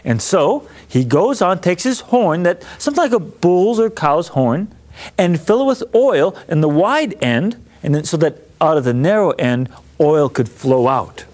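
A man, a priest, teaching the Old Testament in a lively lecture, acting out the speakers in the story. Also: a little high, unhurried. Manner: animated, acts out biblical speakers in casual voices. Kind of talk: lecture on scripture.

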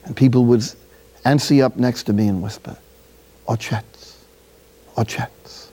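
A friar from City, preaching a sermon through a lively personal story with acted-out dialogue. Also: male voice, medium pitch, brisk. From Jersey City, New Jersey.

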